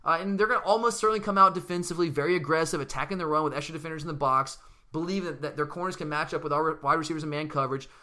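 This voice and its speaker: A man's voice: fairly high pitch, rapid-fire, sharp tone. A young man co-hosting a fan sports podcast, talking earnestly and passionately with frequent stumbling restarts. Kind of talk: fan sports talk commentary.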